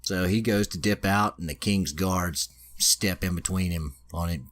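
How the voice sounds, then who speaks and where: A man's voice: low voice, moderate pace, a bit bright, a little hiss or hum. A man on a podcast casually retelling a story, swearing freely and loose with fillers. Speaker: podcast host. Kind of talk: casual chat, retelling an anime plot.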